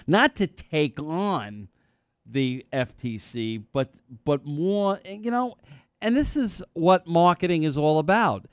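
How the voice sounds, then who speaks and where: Man, radio talk host, smooth resonant voice, dry studio sound, rambling, lots of fillers. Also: mid-range voice, dry recording. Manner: rambling, halting with many fillers, animated when making a point. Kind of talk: radio talk show discussion.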